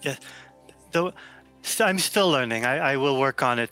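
A man's voice: mid-range voice, expressive, moderate pace, long pauses, sharp tone, soft background music. A man playing a tabletop game, speaking in character with formal, polite, hesitant phrasing. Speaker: player. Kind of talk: in-character tabletop role-play.

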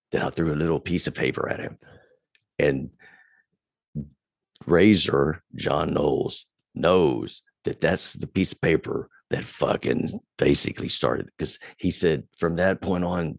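A man's voice: very deep voice, measured pace, vocal fry, breathy edge, no echo, studio quality. A man telling a profane story in casual podcast chat, his voice climbing when he gets angry. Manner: profane, animated retelling, voice rising when angry. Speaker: podcast guest.

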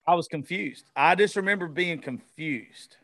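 A man's voice: a little high, normal speed, a bit bright. A male podcast host in casual, profane chat, often stumbling and restarting his sentences.

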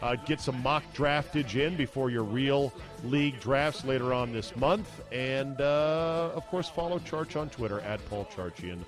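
A man's voice: mid-range voice, unhurried, over music. A man hosting a podcast, talking casually and enthusiastically into a studio mic. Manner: chatty, enthusiastic, emphatic. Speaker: podcast host. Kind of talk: casual chat.

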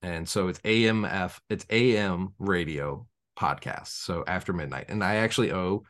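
A man's voice: low voice, normal speed. A man on a podcast, chatting casually and telling rambling stories as a game master, acting out the voices of people he quotes. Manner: animated storyteller who acts out quoted voices; rambling with frequent restarts.

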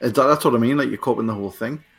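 A man's voice: medium pitch, very fast, creaky, husky. A man with a Geordie accent co-hosting a wrestling watchalong podcast, laid-back and wry. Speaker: podcast co-host. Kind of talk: casual watchalong banter.

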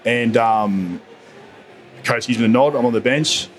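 An Australian man in his thirties, guesting on a laid-back podcast. He tells his stories in an animated, rambling way, peppered with fillers and matey slang. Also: mid-range voice, a little slow. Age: 30s. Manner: animated storyteller, lots of "mate" and fillers. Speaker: guest rugby player. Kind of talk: casual podcast chat.

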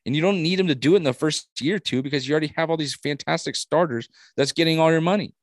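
A man co-hosting a casual sports podcast, talking in a brash, animated way and swearing freely. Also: on the high side, quick pace, no room sound, studio quality. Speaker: podcast co-host.

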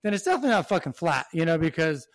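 A man's voice: fairly high pitch, sing-song, very fast. A young man co-hosting a podcast in casual chat, blunt and emphatic, swearing heavily. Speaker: podcast co-host.

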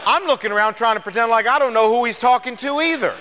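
An older man, a radio preacher, telling his life story in a sermon, animated and acting out the dialogue. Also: extremely high pitch, quick pace, big-room sound, noisy background.

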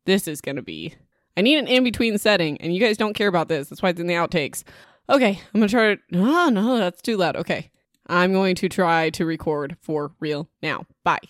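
A woman's voice: lowish voice, lively intonation, brisk, dry recording, studio quality. A young woman hosting a book podcast at home, chatting casually and rambling in a self-deprecating way. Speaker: podcast host.

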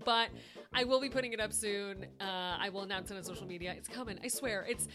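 A woman's voice: mid-range voice, fast talker. A woman hosting a podcast, chatting through a casual, self-deprecating outro. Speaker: podcast host. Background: music.

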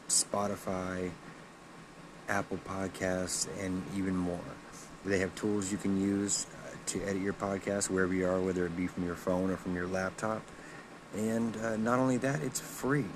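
A man's voice: low voice, little pitch movement, normal speed. A man giving a casual ad read for his podcast, in a plain, easygoing way. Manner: casual, plain, a few fillers. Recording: clear background noise.

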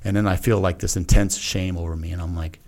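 A man's voice: deep voice, fairly even intonation, fast talker, a little mellow. A middle-aged man, a retired Navy SEAL guest on a podcast, telling a personal story in a frank, earnest, casual way and acting out his own past remarks.

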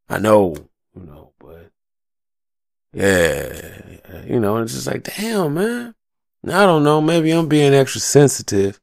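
A man's voice: medium pitch, sing-song, slow pace, vocal fry, a little mellow, no room sound. A man in a casual, heated solo rant on a studio mic, profane and rambling, fired up and agitated. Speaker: solo commentator. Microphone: studio mic with a pop filter.

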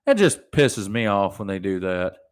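Lively low-voiced man ranting solo. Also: moderate pace. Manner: animated, mocking, jumps into high put-on voices. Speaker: podcast host. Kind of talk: solo podcast rant.

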